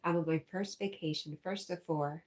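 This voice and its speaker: A woman's voice: sits low, fairly even intonation, normal speed, a little mellow. A woman hosting a casual livestream, reading out viewer comments and laughing often. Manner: giggly, reads out chat messages. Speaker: livestream host.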